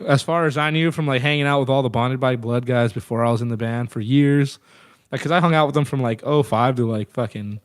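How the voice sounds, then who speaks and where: A man in his thirties, a guest singer, telling stories in a relaxed, profane way with many fillers. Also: mid-range voice. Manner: profane, laid-back, lots of fillers. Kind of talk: casual storytelling chat.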